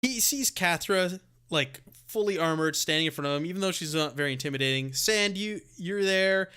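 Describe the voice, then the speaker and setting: Man as dungeon master, bright voice, explaining rules, easygoing. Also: fairly high pitch, fast talker, clean tone. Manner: explaining, with restarts. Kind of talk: running a live tabletop game.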